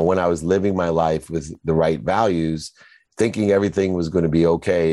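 A man's voice: low voice, a little mellow, dry recording, studio quality. An older man, a guest entrepreneur, telling his story in an earnest, motivational way during a casual interview.

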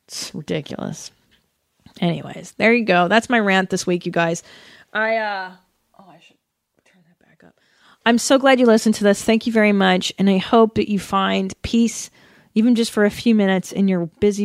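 A woman in her thirties from the United States, hosting a solo podcast in a casual, animated rant full of swearing and laughter. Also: mid-range voice, dry recording, clean studio sound. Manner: animated, profane, laughing often. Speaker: podcast host.

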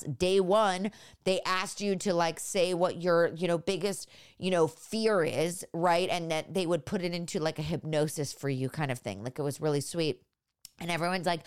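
A woman's voice: lowish voice, a little slow, clear, resonant tone. A woman in her thirties, an expecting mother, talking candidly in casual chat with frequent fillers and restarts. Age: 30s. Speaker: podcast guest, expecting mother.

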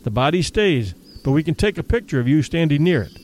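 A level-headed hunting guide, as a man reads him in a storybook, explaining the rules quickly and plainly. His voice moves up and down with lively inflection. He sounds practical rather than alarmed. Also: a little high, a little hiss or hum. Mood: matter-of-fact. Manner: brisk, matter-of-fact explaining.

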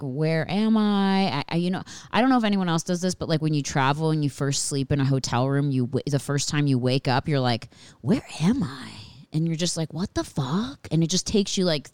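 A woman hosting a podcast, telling a rambling, profane travel story in a casual, animated way. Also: low voice, clean tone, no echo. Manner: animated, swears constantly, anxious rambling. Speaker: podcast host.

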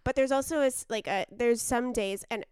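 A woman's voice: fairly high pitch, a little fast, darkish tone, smooth, no echo, studio quality. A woman in her twenties co-hosting a podcast, speaking frankly and confidingly and swearing casually. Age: 20s. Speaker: podcast co-host.

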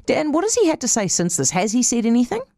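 A woman with a New Zealand accent hosting a live news show, talking in a brisk, chatty and direct way. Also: fairly high pitch, wildly swooping pitch, dark tone, dry recording, clean studio sound. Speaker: radio news host.

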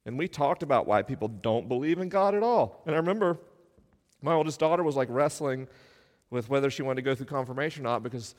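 A middle-aged man talks on stage in a mid-range voice, telling stories in a wry, self-deprecating way with quick asides. His voice carries a long reverb from the live hall around him. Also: mid-range voice, lively intonation. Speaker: podcast host speaking live on stage. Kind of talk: live stage talk, conversational storytelling.

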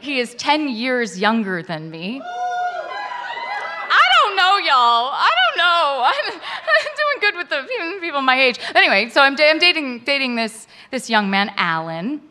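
A woman telling a frank personal story to a live audience, animated and laughing often. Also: sits high, unhurried, noisy background.

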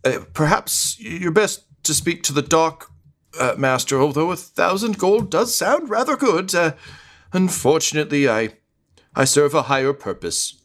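A man's voice: on the high side, big pitch swings, measured pace, fairly bright tone, voice pushed up. A man voicing a polite, stammering small-town gate guard.

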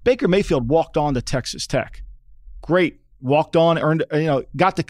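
Talking casual football as a podcast co-host, this middle-aged ex-NFL front-office man is emphatic and repetitive, with "okay?" coming up again and again. His voice is a little high, his speed normal, and the studio-quality audio has no echo.

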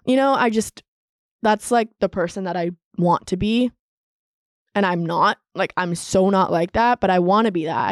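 A woman's voice: medium pitch, darkish tone, no echo. Chatty young woman with a dry close sound. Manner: chatty, candid, laughs often, peppered with "like". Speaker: podcast host. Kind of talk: casual solo podcast monologue.

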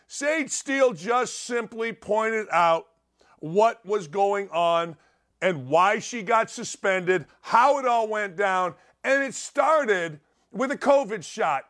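Give me an emphatic man with a high voice delivering talk-show commentary in short, forceful lines. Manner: emphatic, repetitive, punchy short sentences. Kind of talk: opinionated commentary.

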